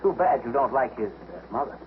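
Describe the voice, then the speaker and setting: A man's voice: mid-range voice, sing-song, a little fast, close to an everyday voice. Guy doing a joking sailor buddy, tinny hissy old movie. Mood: teasing. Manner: wisecracking. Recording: scratchy old film soundtrack.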